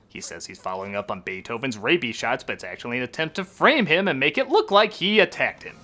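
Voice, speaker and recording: A man's voice: mid-range voice, big pitch swings, fast, few pauses, over loud music. A man reviewing a film in a comedic, sarcastic style, with jokey asides. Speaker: film critic. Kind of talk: comedic movie review narration.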